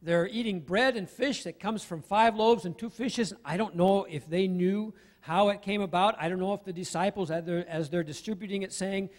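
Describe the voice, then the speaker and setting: A man's voice: high-pitched, normal speed, few pauses, long reverb tail. A man preaching a sermon as pastor, in a conversational way with asides to the congregation. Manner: conversational, with asides and acted-out quotes. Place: church sanctuary.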